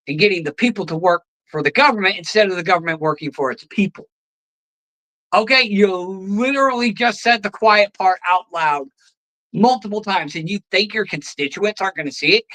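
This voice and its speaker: A host tears into politics in a bright, cutting voice, swearing freely and throwing out sarcastic rhetorical questions. The delivery is a heated, one-sided rant. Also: mid-range voice, poor audio. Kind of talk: ranting political commentary.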